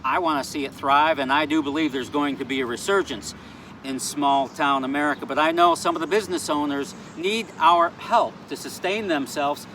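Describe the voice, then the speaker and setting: A man's voice: fairly high pitch, normal speed, far from the mic, noisy background. Chatty man vlogging outdoors in a town square. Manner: earnest, chatty, playfully pleading. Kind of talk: casual outdoor vlog.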